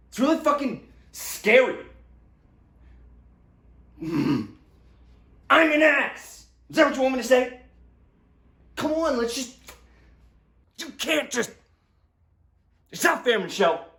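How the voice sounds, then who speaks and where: An actor as a desperate swearing ex. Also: male voice, very high voice, lively intonation, measured pace, gravelly, pauses often, fairly bright tone, slightly rough, heavily acted. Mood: defensive. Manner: swearing, pleading, unstable. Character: bitter pleading man begging ex back. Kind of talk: dramatic monologue, voicemail.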